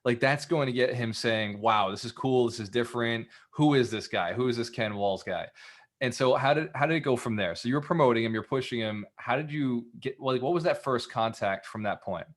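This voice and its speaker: Enthusiastic male podcast host. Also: medium pitch. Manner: enthusiastic, quick recaps of the guest's story. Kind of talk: casual interview.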